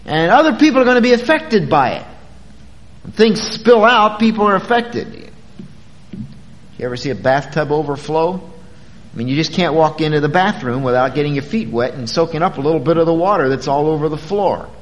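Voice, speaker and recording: Preaching a little fast, a pastor speaks to his congregation in a high, animated voice that swoops up and down, lengthening key words for emphasis in a conversational way. The lo-fi sound carries a long reverb from the church sanctuary.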